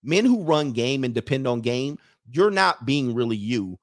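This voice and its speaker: A man's voice: medium pitch, very animated, normal speed. Blunt, preachy man. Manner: blunt, preachy, acts out quoted voices. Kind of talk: opinionated monologue to viewers.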